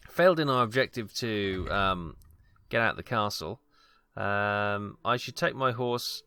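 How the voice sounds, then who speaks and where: A man's voice: on the low side, unhurried, pushed and bright, clean tone, no echo. A British man from Wales giving casual, rambling commentary on a game he plays, full of ums and asides, on a close mic at home. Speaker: let's play host.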